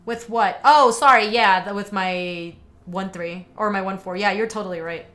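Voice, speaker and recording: A woman's voice: medium pitch, moderate pace, bright, forceful tone. A young woman giving casual commentary on a card game, chatting with viewers as she plays. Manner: chatty, talks to viewers and chat while playing. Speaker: streamer playing a card game.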